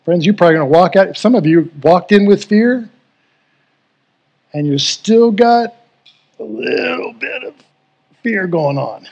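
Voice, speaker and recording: A man's voice: high-pitched, lively intonation, measured pace, gravelly, long pauses, darkish tone. A middle-aged man preaching a sermon as pastor, earnest and emotional, telling a personal story and leading prayer. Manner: earnest, emotional, rising to fervent.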